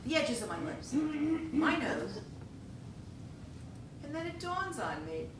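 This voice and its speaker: Woman doing live comic storytelling, high bouncy voice, slow and drawn out, far off in a super echoey hall. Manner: animated, laughs often while telling. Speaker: storyteller on stage. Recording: echoey hall, voice from a distance, rumbling noise.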